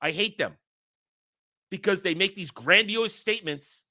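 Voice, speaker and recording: A man delivering an angry, profane rant as the host of a commentary channel, sometimes breaking into shouts. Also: sits high, lively intonation, a little slow, pauses often, no echo, clean studio sound. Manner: heated, profane, shouting at times.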